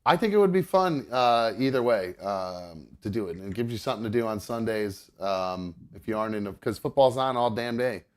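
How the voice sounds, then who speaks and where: A man's voice: fairly low pitch, expressive, a little fast, few pauses. Man, podcast co-host, casual chat, rambling, filler words, home setup. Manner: rambling, many ums and uhs, laughs easily. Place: home with pets around.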